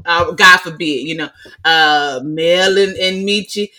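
Bright, animated woman co-hosting a podcast. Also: fairly low pitch, takes it slowly. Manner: animated, swearing, loud exclamations. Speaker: podcast co-host. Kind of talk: casual chat.

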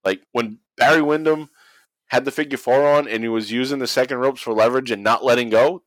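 A man talks through a match in loose, profane podcast chatter, laughing often and slipping into goofy voices. His voice sits at an ordinary middle pitch. It is recorded close and dry. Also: fairly even intonation, a little fast, no room sound, rough recording. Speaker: podcast co-host recapping wrestling. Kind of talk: casual chat, play-by-play recap.

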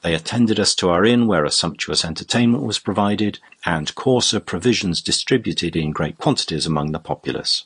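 A man narrating a classic novel as an audiobook in a measured, formal storytelling manner. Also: sits low, animated, fairly bright tone, breathy edge.

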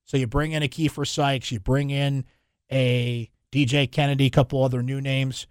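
A man hosting a sports talk radio show, opinionated and conversational with quick asides. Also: medium pitch, little pitch movement, smooth, dry recording, studio quality. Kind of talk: casual sports talk commentary.

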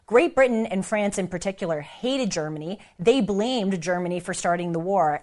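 An American woman hosting a casual talk to camera about travel and history, speaking in a chatty, conversational way with lively emphasis. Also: medium pitch. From United States. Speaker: host.

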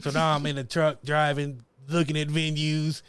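A man co-hosting a podcast, telling animated stories with acted-out quotes in casual chat. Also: fairly high pitch, moderate pace, very noisy. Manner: animated storyteller, acts out quoted voices. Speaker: podcast co-host.

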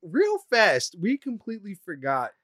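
A man with a high, animated voice riffs crudely in casual podcast chat, swearing in nearly every line. His tone is bright and forceful, and the sound is dry and close. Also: moderate pace, dry recording. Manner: emphatic and crude, heavy swearing, mocking. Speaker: podcast co-host.

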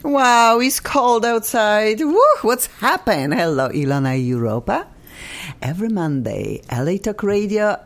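An excitable woman hosts a radio talk show from a studio mic, her pitch leaping up and down as she talks. Her is slightly broken and her manner effusive, full of cheers and bursts of enthusiasm. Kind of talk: casual radio chat. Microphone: studio microphone.

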